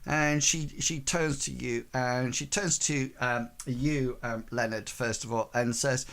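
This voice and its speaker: A man runs a tabletop role-playing session, describing scenes and calling for rolls. He talks slowly and haltingly, with many pauses and fillers. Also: mid-range voice, steady tone, creaky, a bit bright. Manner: hesitant, full of ums and likes. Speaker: game master. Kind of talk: narrating a tabletop game.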